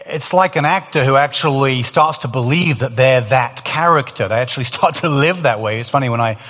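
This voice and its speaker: A man giving a conversational Bible teaching, animated and quick to laugh, acting out the voices he quotes. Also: medium pitch. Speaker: preacher. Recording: long hall reverb.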